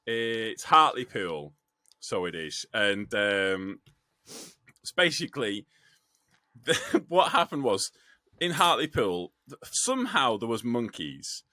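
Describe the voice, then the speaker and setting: Animated British man in banter. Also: mid-range voice, takes it slowly, dry recording, studio quality. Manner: laughing, swearing, joking banter. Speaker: podcast co-host. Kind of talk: casual chat.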